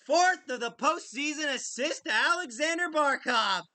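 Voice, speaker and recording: High, bright-voiced excitable hockey commentator. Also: female voice, normal speed. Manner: excitable, swears freely, shouts goal calls. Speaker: podcast host. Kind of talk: casual live game commentary.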